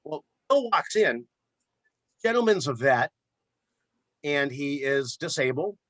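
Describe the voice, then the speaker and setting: Bright-voiced florist man telling a story. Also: fairly high pitch, takes it slowly, no echo. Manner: animated storyteller who repeats words as he goes. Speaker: florist and shop owner. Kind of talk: casual storytelling in a podcast interview.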